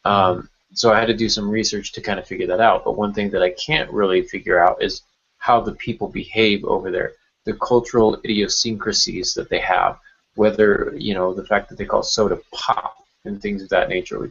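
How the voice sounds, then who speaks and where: A man's voice: on the low side, moderate pace, creaky, a bit bright, husky. A man who writes novels, co-hosting a casual podcast chat, hesitant with many fillers and restarts, over muffled call audio.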